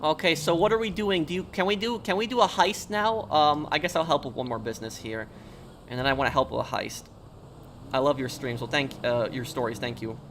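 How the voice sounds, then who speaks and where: Bright-voiced streamer rambling casually. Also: male voice, a little high, a little fast, a little hiss or hum. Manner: rambling storyteller, answers chat questions. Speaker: game streamer. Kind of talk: casual live-stream chat while gaming.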